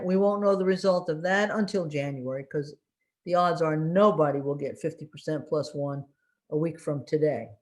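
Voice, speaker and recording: A woman giving an unscripted election briefing as a political commentator, halting often with fillers while recalling names and dropping dry, wry asides. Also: deep voice, darkish tone.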